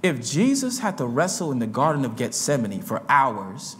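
A man preaching a sermon in a church, his delivery swinging between quiet murmurs and loud shouts. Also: medium pitch, sing-song, moderate pace, long reverb tail, slight background noise. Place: church sanctuary.

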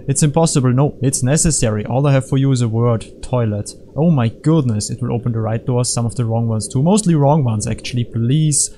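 A man talks over his gameplay in a casual, rambling way, jumping between jokes and half-finished thoughts. His voice is mellow and dark, at an ordinary middle pitch. He mocks himself easily and keeps up a loose, unscripted patter. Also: brisk, slight background noise. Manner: rambling, self-mocking, easily distracted jokes. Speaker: gaming commentator.

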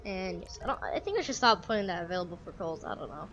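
A woman's voice: on the low side, expressive, fast talker, fairly bright tone, muffled recording, slight background noise. Chatty woman narrating gameplay. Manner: chatty, laughs often, talks to game characters. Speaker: gamer playing a police sim. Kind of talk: casual gameplay commentary.

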